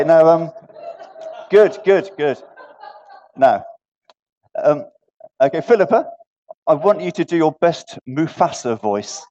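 Male preacher, slow and deliberate, prods the congregation with questions, muffled lo-fi sound. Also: a little high, darkish tone. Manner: questions the audience often, with repeated "yeah" checks. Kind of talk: interactive sermon. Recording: dull lo-fi recording.

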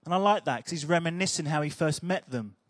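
A man's voice: a little high, fast, no echo, studio quality. A man preaching a sermon in a chatty, humorous storytelling way.

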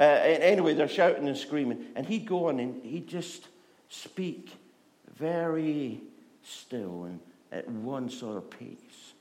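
Chatty preacher man with a hushed side. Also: mid-range voice, animated, a little slow. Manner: chatty and humorous, often dropping to a soft, hushed delivery. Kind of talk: conversational sermon.

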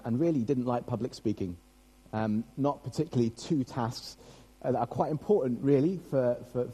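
A man's voice: medium pitch, mellow, breathy edge, rough recording. A young British man preaching a sermon as pastor, chatty and self-deprecating, joking with his congregation.

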